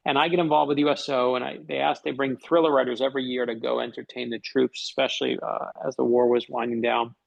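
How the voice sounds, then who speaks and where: Middle-aged guy, bit of fry in his voice, telling a story on a podcast, does all the voices. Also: mid-range voice, quick pace, few pauses, highs cut off. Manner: animated storyteller acting out quoted dialogue. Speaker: podcast guest, author. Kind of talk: storytelling in conversation.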